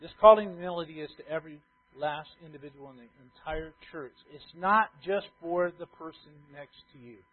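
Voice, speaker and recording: A man with a fairly high voice delivers a sermon to his church. He slips between hushed, almost murmured asides and loud, emphatic repeated lines, often stopping to ask the congregation a question. The sound is thin and tinny, like a phone line. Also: brisk. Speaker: pastor.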